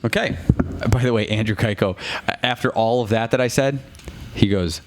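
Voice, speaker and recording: A man's voice: lowish voice, moderate pace. A man hosting a live podcast show, talking in a casual, upbeat and chatty way. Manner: chatty, upbeat, self-correcting. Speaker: podcast host.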